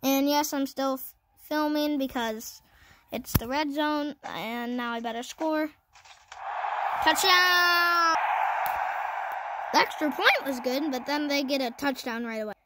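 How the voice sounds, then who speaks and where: A woman giving casual, self-mocking commentary over her own football video game, cheering in excited bursts. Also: sits high, normal speed, heavy background noise. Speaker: gaming channel host.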